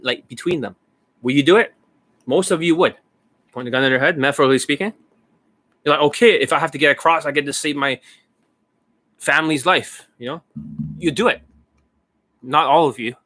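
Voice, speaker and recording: A man's voice: mid-range voice, fairly bright tone, no room sound. Blunt, rambling male dating coach. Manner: rambling, blunt, swears casually.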